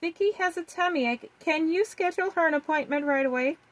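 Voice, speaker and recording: A woman's voice: very high voice, brisk, pitched above the performer's own voice. A woman voicing a polite, caring aunt in a read-aloud storybook. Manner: polite, friendly.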